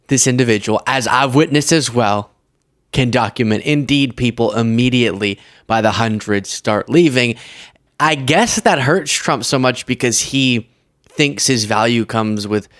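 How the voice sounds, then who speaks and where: A man's voice: medium pitch, fairly bright tone, no room sound, studio quality. A man hosting a political commentary show, talking casually and sarcastically and often laughing.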